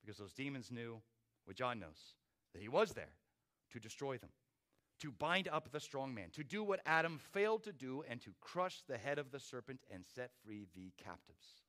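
A man's voice: mid-range voice, animated, moderate pace, a bit bright. A man preaching a sermon with dramatic rises and drops in volume. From not from Australia. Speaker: pastor.

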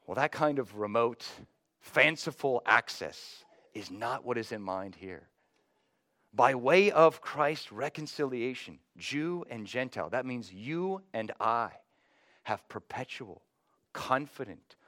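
Man, pastor, Texan accent, sermon, emphatic rises and quiet drops, dry close sound. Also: expressive, unhurried, no room sound. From North Texas. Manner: dynamic, rising to emphatic highs then dropping low.

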